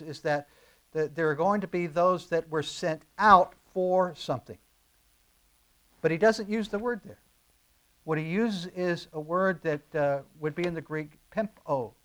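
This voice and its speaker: A male pastor teaching through scripture in an earnest, explanatory sermon. His voice sits a little high, and he leans hard on key phrases with emphatic rises. He pauses on frequent fillers as he works through each point. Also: fairly bright tone. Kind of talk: verse-by-verse sermon.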